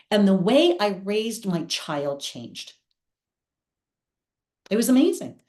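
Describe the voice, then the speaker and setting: A woman who works as a psychic reader, answering interview questions in an animated, reflective storytelling manner. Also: fairly high pitch.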